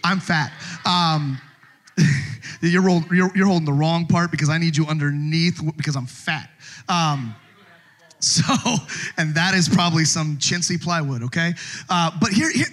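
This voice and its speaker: A middle-aged male pastor preaches a sermon in a fairly high-pitched voice at a slightly slow pace. His animated delivery dips low and quiet, then leaps into shouted lines as he performs different voices.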